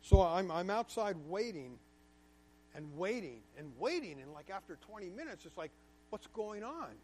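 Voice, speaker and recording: A man's voice: high voice, big pitch swings, normal speed, warm tone, a little hiss or hum. A man giving a candid, emphatic lecture to a class, telling a personal story and repeating words for stress. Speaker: guest speaker to a class.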